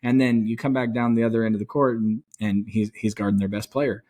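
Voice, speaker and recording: A man co-hosting a podcast, chatting about sports as an excited, rambling fan with some mild swearing. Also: on the low side, fairly quick. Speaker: podcast co-host. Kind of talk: casual sports chat.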